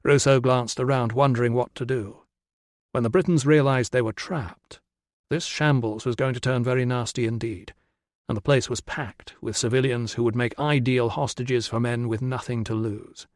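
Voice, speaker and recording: Guy reading an audiobook, steady even narration, mid voice, dead dry studio sound. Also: medium pitch, normal speed, dry recording. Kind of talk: scripted narration.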